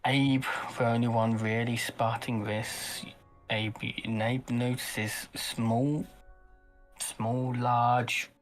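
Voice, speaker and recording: A man running a tabletop game as game master, narrating slowly with pauses and restarts. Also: mid-range voice, little pitch movement, faint music behind. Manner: slow, halting narration with restarts.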